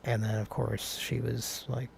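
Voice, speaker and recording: A man's voice: medium pitch, flat delivery, a little slow, gravelly, slightly rough. A man co-hosting a casual talk show, rambling through stories and reading listener comments aloud. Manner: rambling, self-interrupting storyteller. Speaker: podcast co-host.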